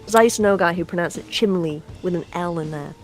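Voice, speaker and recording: A woman's voice: fairly low pitch, fast, faint music behind. A woman from Yorkshire with a Yorkshire accent, co-hosting a game stream, chatty and teasing as she reads out chat. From Yorkshire, England. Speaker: co-host. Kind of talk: casual stream chat, reading chat aloud.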